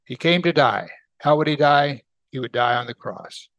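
A man teaching verse by verse from the Bible, reading passages slowly and then explaining them with emphasis. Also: medium pitch, fairly bright tone, dry recording, highs cut off. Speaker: preacher.

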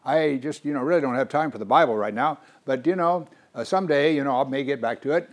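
A man's voice: mid-range voice, quick pace, lightly acted. An older man voicing a smug, busy businessman who rambles with fillers. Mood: breezy.

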